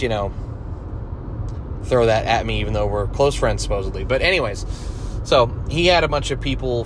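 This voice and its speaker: A man's voice: mid-range voice, a little hiss or hum. Profane rambling man on a podcast. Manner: profane, rambling, crude jokes. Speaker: podcast host. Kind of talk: solo casual podcast rant.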